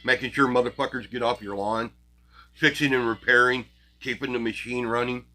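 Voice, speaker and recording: A man's voice: mid-range voice, steady tone, moderate pace, bright, forceful tone. Crass, foul-mouthed man ranting at viewers. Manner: crass, blunt and heavily profane; scornful, laughing at his viewers. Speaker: channel host. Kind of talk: profane casual rant to viewers.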